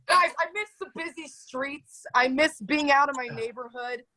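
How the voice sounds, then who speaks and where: A woman doing a loud, self-mocking stand-up set over a video call, with a low voice. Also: normal speed, no room sound. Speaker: stand-up comic.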